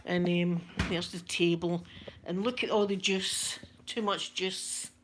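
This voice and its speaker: A woman's voice: lowish voice, steady tone, slow. Scottish lady chatting away to her viewers, giggly and joking about herself, bit of hiss behind. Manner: chatty, laughs often, self-mocking. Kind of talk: casual live-stream chat.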